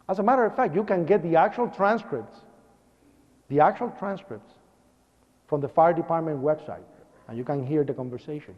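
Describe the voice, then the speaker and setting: A man with a Puerto Rican accent tells his story to a church audience, voicing the people in it. His voice sits high, and the sound is dull and soaked in the long reverb of a hall. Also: normal speed. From Puerto Rico. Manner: animated storyteller acting out dialogue. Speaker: speaker. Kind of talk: personal testimony speech.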